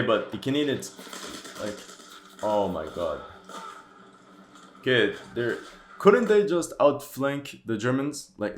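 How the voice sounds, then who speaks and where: Hosting a history channel, a man reacts to a war film with critical, exasperated outbursts. His mid-range voice has a fairly bright tone, and the room gives it a noticeable echo.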